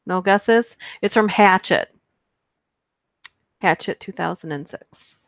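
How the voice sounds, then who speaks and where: A woman's voice: medium pitch, slow pace, no room sound. A woman hosting a casual livestream, chatting playfully with her viewers and laughing often. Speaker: livestream host. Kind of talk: casual live chat, reading movie quotes aloud.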